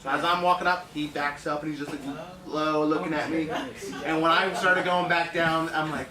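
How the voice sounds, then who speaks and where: A man's voice: fairly high pitch, level tone, moderate pace, crowd noise. Chatty man talking in an echoey hall. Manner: chatty, laughs often, acts out quoted people. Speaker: home inspector speaking at a conference. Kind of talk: anecdotal conference talk. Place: conference room with an audience. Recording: echoey room, mic heard from far, audience noise.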